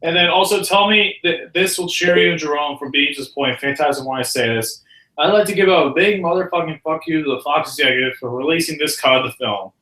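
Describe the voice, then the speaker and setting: A man hosts a casual podcast, reading out listener questions and reacting with excited swearing. His voice is very bright and a little high. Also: fairly quick, rough recording. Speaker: podcast host. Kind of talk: casual chat.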